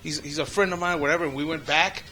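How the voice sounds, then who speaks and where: A man's voice: a little high, steady tone, fast talker, bright, forceful tone. A man co-hosting a podcast, telling profane, laugh-filled stories in casual chat and acting out other people's lines. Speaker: podcast co-host.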